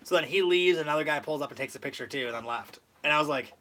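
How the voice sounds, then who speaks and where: Talking fast in a sharp, higher-pitched voice, a young Michigan man hosts a casual podcast, wandering through a story and saying "like" over and over.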